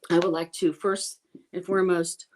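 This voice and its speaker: A woman sharing an informal online dharma talk on a teacher's life, earnest and apologetic, pausing to chant a refuge prayer slowly. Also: on the low side, flat delivery, a little hiss or hum, poor audio. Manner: earnest, apologetic, self-correcting.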